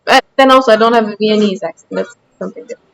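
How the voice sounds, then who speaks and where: A woman's voice: mid-range voice, rapid-fire, gravelly, a bit bright, low-quality recording. A woman with a light Austrian accent, chatting casually with her stream chat while playing a game, rambling as she goes.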